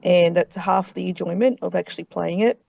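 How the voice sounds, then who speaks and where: A woman's voice: fairly low pitch, normal speed, creaky, warm tone, no room sound. A woman speaking as a panelist on a casual gaming podcast, hesitant with frequent fillers. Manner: hesitant, many fillers and restarts.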